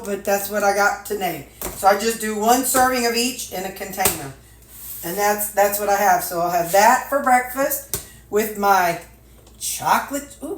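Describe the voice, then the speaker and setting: This weight-loss vlogger is an older Missouri woman packing meals at home, folksy and chatty as she talks to her viewers and to herself in drawling asides. Her tone is fairly bright and her pitch medium. Dishes clatter in the echoey kitchen, and there's a little hiss or hum.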